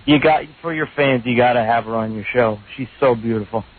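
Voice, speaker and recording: A man's voice: mid-range voice, a little fast. Male caller from New York, eager anecdote, phone-line audio. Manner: eager, storytelling. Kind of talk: phone-in call.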